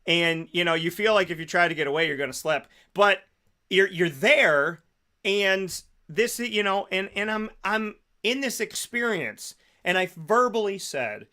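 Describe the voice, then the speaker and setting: A man hosting a radio show, telling a comic story in a lively way and acting out the people in it. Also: high voice, moderate pace. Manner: animated, acts out quotes in other voices. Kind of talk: comedic storytelling monologue.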